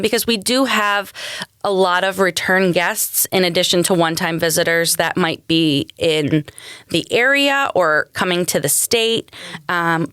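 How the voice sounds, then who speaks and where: Smooth-voiced woman explaining programs. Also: fairly low pitch, fairly bright tone, no echo, studio quality. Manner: informative, explains programs clearly. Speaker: guest from a culinary center. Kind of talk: casual chat.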